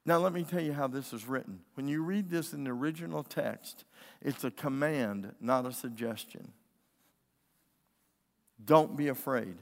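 A middle-aged male pastor preaches a sermon in a church sanctuary, telling stories emphatically and acting out the voices he quotes. His voice is medium-pitched with vocal fry, at a normal speed. The recording carries the long reverb of a church hall.

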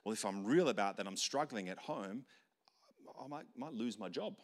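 A man's voice: fairly low pitch, expressive, normal speed. A young man giving a casual leadership lesson, talking conversationally and acting out short everyday dialogues. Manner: conversational, acts out little dialogues, many restarts. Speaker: leadership teacher. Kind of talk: casual teaching talk.

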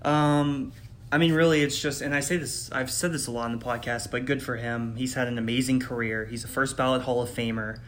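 Guy on a sports podcast, calm confident takes, bit of rumble and hiss in the back. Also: brisk. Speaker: podcast co-host. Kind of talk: casual sports podcast chat.

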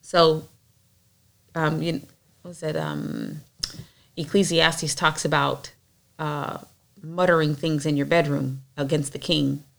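A woman's voice: low voice, animated, slow pace, creaky, long pauses. A woman reading scripture aloud and then discussing it casually, thinking aloud with fillers. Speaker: Bible study reader and discussion leader.

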